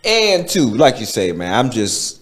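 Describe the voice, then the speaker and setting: Man joking around with lively pitch. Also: unhurried, background noise. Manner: laughing, joking banter. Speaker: podcast co-host. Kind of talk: casual podcast chat.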